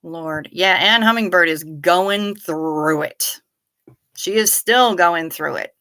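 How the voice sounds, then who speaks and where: Slow, sardonic middle-aged woman. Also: on the low side, bright, forceful tone, smooth. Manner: sardonic, dry asides. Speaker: livestream host reading chat. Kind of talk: casual chat.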